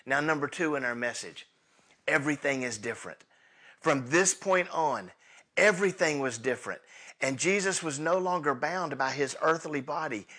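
A man preaching a sermon with a slightly higher voice. He tells the story with lively energy and briefly acts out the dialogue. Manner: animated storytelling, acting out the scripture dialogue. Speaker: pastor.

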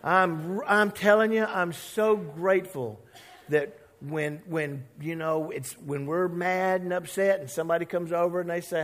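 A male pastor preaching a lively, conversational sermon with a somewhat high voice. He acts out the characters' lines in little voices and draws the congregation in playfully. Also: a little slow, long reverb tail.

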